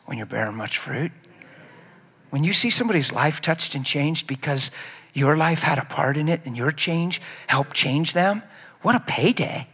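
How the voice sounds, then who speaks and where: A man preaching a sermon in an animated way, acting out quoted voices and laughing often. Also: sits high, big-room sound.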